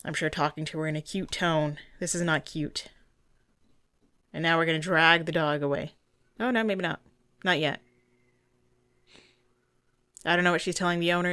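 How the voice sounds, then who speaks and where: A woman's voice: sits low, fairly bright tone, clear, resonant tone, no room sound, clean studio sound. A woman dog trainer giving earnest, indignant commentary over a training video, often restarting her sentences.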